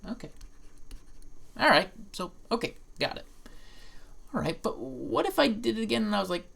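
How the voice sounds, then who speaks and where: A woman professor giving a recorded statistics lecture, playful and lively, acting out what imagined students would say, with frequent restarts and asides. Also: medium pitch, moderate pace, creaky, pauses often.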